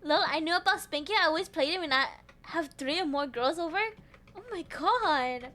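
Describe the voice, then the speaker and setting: A woman's voice: sits high, normal speed, sharp tone. A young woman streaming a horror game, jumpy and swearing, shrieking and giggling when scared. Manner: swears freely. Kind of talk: live gameplay commentary.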